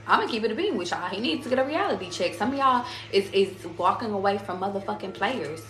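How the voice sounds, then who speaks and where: A woman with a gravelly, fry-heavy voice does a loose tarot reading for her viewers. She chats in slang, swears freely and keeps calling them y'all. Her voice bounces around a roomy, echoey space. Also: medium pitch, lively intonation, normal speed, pushed and bright. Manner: slangy, profane, chatty, addresses viewers as y'all. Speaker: tarot reader.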